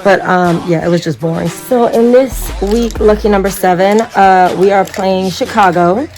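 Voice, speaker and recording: A woman talks her way through a makeup tutorial, loose and rambling, and keeps turning to her viewers as y'all. Her voice sits in a middle pitch. Soft music runs faintly underneath. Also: normal speed, rough recording. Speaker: makeup vlogger. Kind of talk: casual makeup tutorial chat.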